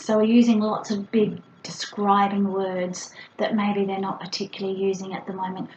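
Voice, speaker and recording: A woman's voice: medium pitch, level tone, moderate pace, few pauses, slight background noise. A middle-aged woman, a speech pathologist, patiently explaining to parents and breaking into exaggerated, playful sound demonstrations. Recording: roomy, slightly dull with faint ambience.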